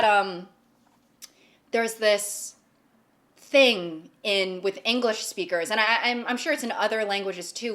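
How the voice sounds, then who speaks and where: A woman's voice: medium pitch, a bit bright. A woman in her twenties chatting casually to her viewers, rambling with lots of fillers and some swearing while she snacks. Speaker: YouTuber. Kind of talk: casual chat.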